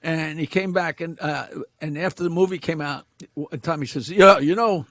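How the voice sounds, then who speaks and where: A man telling an anecdote on a talk show, animated and halting. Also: on the high side.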